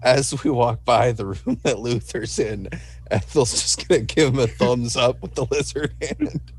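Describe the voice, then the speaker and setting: A man's voice: medium pitch, measured pace, darkish tone, husky. A man playing in a tabletop game over a voice call, speaking in an offhand, casual way. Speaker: player.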